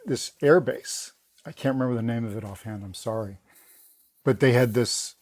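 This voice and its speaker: A man, a guest on a podcast, telling behind-the-scenes anecdotes in a casual, animated way, often laughing and restarting his sentences. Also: mid-range voice. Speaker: guest, former film production assistant. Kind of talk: casual interview storytelling.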